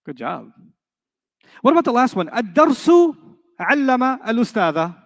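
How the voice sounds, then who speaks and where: High-voiced man teaching a lively class. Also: moderate pace, big-room sound. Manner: playful, asks the class questions and answers himself. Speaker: Arabic teacher. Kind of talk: live classroom lesson. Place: classroom with a live audience.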